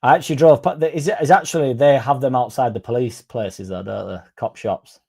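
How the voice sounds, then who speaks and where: A man's voice: medium pitch, a little fast, vocal fry, a little mellow. A man co-hosting a casual chat, rambling, self-deprecating and swearing casually. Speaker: podcast co-host.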